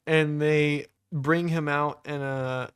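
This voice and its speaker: A man's voice: fairly high pitch, slow pace, clear, resonant tone, no echo. A young man hosting a podcast, telling a casual story with lots of "like" and acting out the voices of the people in it. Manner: animated storyteller, heavy use of "like", acts out quoted voices. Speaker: podcast co-host.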